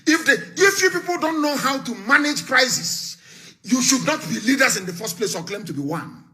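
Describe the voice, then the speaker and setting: A man with a Nigerian accent delivers a fiery live broadcast address. His voice sits high and sounds bright and forceful, and he is scornful throughout, repeating phrases and breaking into shouts. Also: lively intonation, moderate pace. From southeastern Nigeria. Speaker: activist leader.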